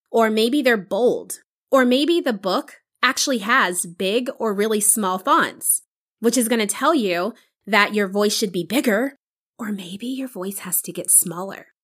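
Casting: woman, podcast host and teacher, clear explanatory delivery with a slightly high voice, brief acted asides. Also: measured pace, fairly bright tone. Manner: modeling think-aloud examples with varied voice. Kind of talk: educational podcast talk.

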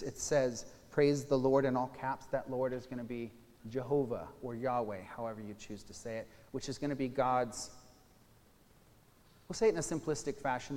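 A man preaching a sermon, teaching casually and a little self-deprecating, then reading scripture aloud with emphasis. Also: mid-range voice. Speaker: pastor. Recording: long hall reverb.

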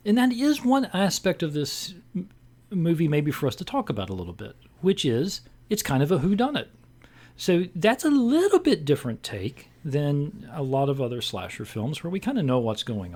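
A man hosts a relaxed film-discussion podcast, his voice sitting at an ordinary middle pitch. He meanders through his questions with plenty of fillers and false starts. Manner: rambling, full of fillers and restarts. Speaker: podcast co-host leading discussion.

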